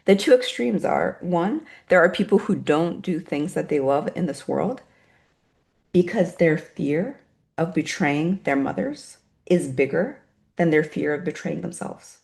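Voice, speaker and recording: A woman leading a guided meditation for an online group, speaking softly and slowly, then reading out chat replies and teaching more briskly. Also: sits low, lively intonation, creaky. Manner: soft, slow and soothing while guiding, then brisker reading out chat replies. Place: online video session.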